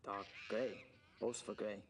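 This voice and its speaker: A man's voice: fairly low pitch, a little hiss or hum. An actor voicing a plain, literal adult male zookeeper with a German accent in a video game. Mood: matter-of-fact. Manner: flat, matter-of-fact, short halting answers.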